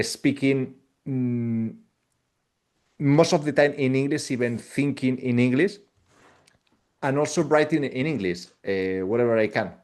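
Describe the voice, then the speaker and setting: Man hosting, careful and unhurried. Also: mid-range voice. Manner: measured, with many "um" pauses. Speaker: podcast host. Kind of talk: conversational interview.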